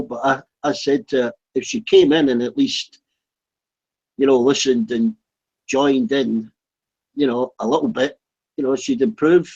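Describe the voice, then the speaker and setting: A man's voice: mid-range voice, gravelly, darkish tone, lo-fi sound. A man chatting bluntly in an online voice room, swearing and leaning on fillers. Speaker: chat room regular. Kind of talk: casual online group chat.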